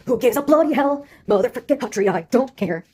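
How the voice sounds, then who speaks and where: A woman's voice: a little high, expressive, fairly quick, warm tone, breathy edge. A woman voicing an unhinged female villain who taunts and goads a giant, swearing and breaking into singsong. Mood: taunting. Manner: erratic, swearing, singsong outbursts.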